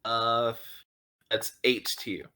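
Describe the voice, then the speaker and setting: A man's voice: mid-range voice, level tone, takes it slowly, pushed and bright, clear, resonant tone. A man playing in a tabletop game, hesitant and checking the rules. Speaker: player.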